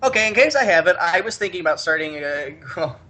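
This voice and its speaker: A man co-hosting a casual podcast, telling long stories in a rambling, animated way. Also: high-pitched, fast talker. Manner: rambling, animated, many restarts. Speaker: podcast co-host. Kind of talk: casual chat, storytelling.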